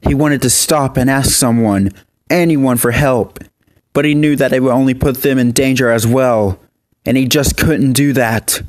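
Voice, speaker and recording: A man narrating a horror story in a steady, even scripted reading. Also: medium pitch, no echo.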